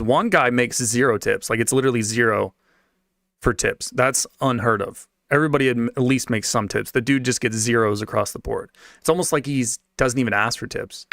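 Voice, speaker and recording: A man's voice: medium pitch, a bit bright, no echo, clean studio sound. A young man streaming and venting about his old job in a rambling, profane, slang-heavy way while reading donations. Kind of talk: casual rant.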